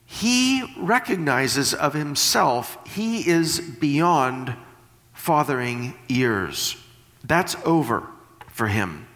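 A man preaching a sermon, reading scripture slowly and then paraphrasing it in animated bursts. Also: a little high, long reverb tail.

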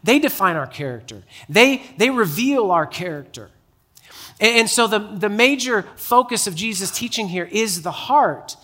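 A man's voice: high voice, expressive, normal speed, pushed and bright. A male pastor preaching a sermon in a conversational way, often repeating words as he restarts. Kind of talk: sermon with personal anecdote.

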